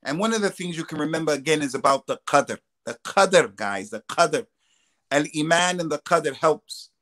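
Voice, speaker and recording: A man answering questions as a religious scholar on a live stream, explaining at length and reciting Arabic quotations quickly. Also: on the high side, expressive, fairly bright tone.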